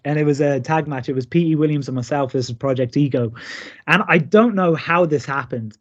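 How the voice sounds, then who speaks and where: A pro wrestler in his thirties, appearing as a guest in a remote interview, lively recounts stories from the ring and slips into the voices of people he quotes. His voice is a touch high for a man, and the sound is dull and lo-fi, like a recorded call.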